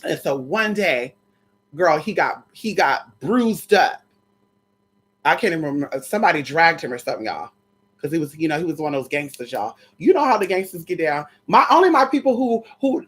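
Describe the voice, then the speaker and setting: A young adult woman telling a personal story to her viewers in a sassy, animated way, often calling them "girl" and "y'all". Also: lowish voice, slightly rough. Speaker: storyteller vlogger.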